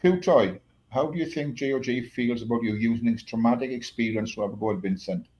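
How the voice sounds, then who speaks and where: A man calmly hosting and moderating a live-stream panel chat. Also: medium pitch, a little fast, low-quality recording. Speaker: stream host.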